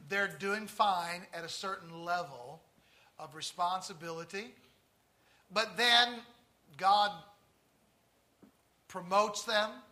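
A man preaches a story-filled sermon, moving between hushed tones and loud, emphatic lines while stretching out key phrases. His voice sits high.

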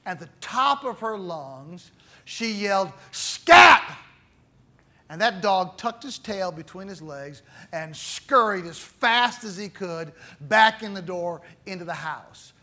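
A man delivering a sermon, his voice high and bright. He takes his time, and he swings between loud, stressed words and quiet, hushed phrases. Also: animated, unhurried. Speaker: preacher.

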